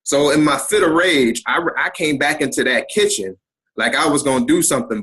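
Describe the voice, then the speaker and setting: A middle-aged man, a guest on an interview podcast, telling a personal story in an animated way and acting out the people in it. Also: medium pitch, fairly quick, breathy edge, poor audio.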